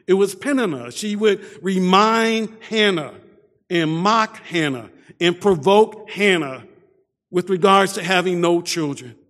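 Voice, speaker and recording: A male preacher with a high voice speaks slowly and deliberately through a sermon. He often stumbles over his first words and sinks to a hush for emphasis. The sound carries the long reverb of a large hall. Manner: repeats words at starts, soft dramatic drops.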